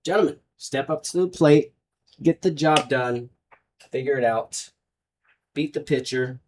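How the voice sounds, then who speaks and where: A man's voice: fairly high pitch, measured pace, far from the mic, slight background noise. A man hosting a sports betting show, running through his picks in a hyped, rambling, jokey way. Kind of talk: casual betting picks talk.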